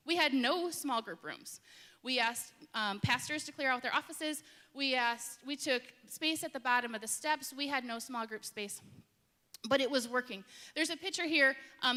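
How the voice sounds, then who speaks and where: A woman with a Midwestern American accent tells a personal story to a congregation, her voice high and bright. She acts out the voices in the story with lively energy. The sound rings through a large echoing church hall with a long reverb tail. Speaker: middle school ministry director.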